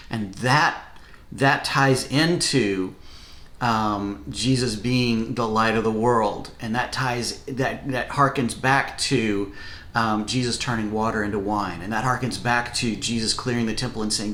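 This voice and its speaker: A man co-hosting a casual faith podcast, reflective and growing animated when excited. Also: fairly low pitch, unhurried. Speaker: podcast co-host who has preached. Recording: roomy echo.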